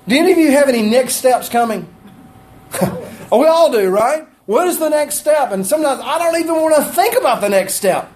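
A man's voice: extremely high pitch, lively intonation, brisk, a little mellow. A middle-aged man preaching a sermon in a chatty, self-deprecating way, asking the congregation questions as he goes. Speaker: pastor. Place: church sanctuary.

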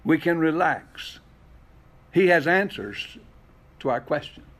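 A man's voice: on the high side, lively intonation, takes it slowly, a bit bright. A man preaching a sermon, asking rhetorical questions and voicing the scripture he quotes with expression. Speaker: pastor.

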